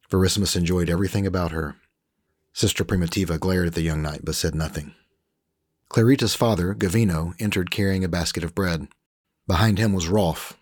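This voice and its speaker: A man with a low, husky voice narrating a scripted story. He reads in a measured, even way. The recording is dry and close, with no room sound. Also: no room sound.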